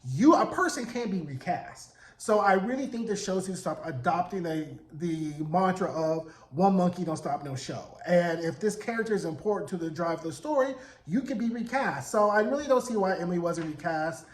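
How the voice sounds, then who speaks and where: A man in his forties giving a sassy, animated casual recap of a TV episode, acting out the characters' lines. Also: high voice, moderate pace, hardly any pauses. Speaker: TV recap vlogger. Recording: roomy echo.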